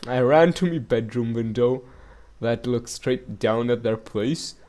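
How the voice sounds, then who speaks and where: A man voicing a gossipy middle-aged male neighbor in a game, attempting a rough Scottish-style accent. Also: on the low side, a little slow, darkish tone, lightly acted. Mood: chatty.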